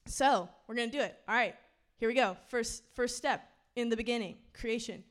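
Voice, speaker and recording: A woman's voice: a little high, normal speed. A young woman giving a casual, slangy sermon, chatty and laughing often. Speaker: preacher.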